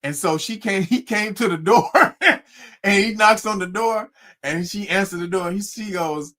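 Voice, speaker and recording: A man's voice: high voice, moderate pace. A middle-aged man hosting, telling a family story to viewers casually, swearing and laughing a lot. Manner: animated, swearing, laughing often. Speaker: host.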